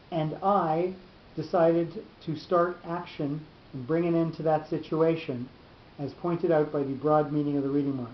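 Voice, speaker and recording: Captured in a lo-fi, dull, roomy recording with a faint rumble underneath, a man gives a slow, halting Torah lesson, explaining carefully and often starting his phrases over.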